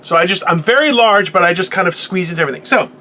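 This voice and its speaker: Man, 40s, podcast host, comedic rant, sharp bright tone, boisterous, swearing. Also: high-pitched, expressive, racing. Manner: profane, boisterous and laughing.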